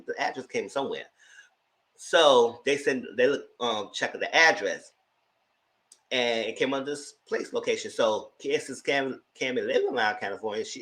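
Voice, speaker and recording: A man's voice: medium pitch, low-quality recording. A man casually recapping a reality TV episode, telling it as a story and acting out the people's lines. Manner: animated storytelling, acting out quotes. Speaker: TV show reviewer.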